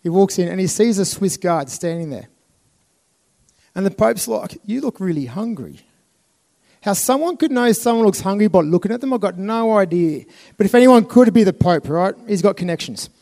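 An Australian man with a high-pitched voice gives a talk to a live audience. He tells his stories with animated energy, laughing and acting out the voices of the people in them. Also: brisk. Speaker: speaker.

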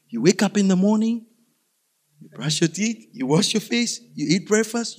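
African guy preaching, pretty high voice, acts stuff out and shouts now and then. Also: a little slow, breathy edge. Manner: animated, acts out scenes with sudden shouts. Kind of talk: storytelling sermon.

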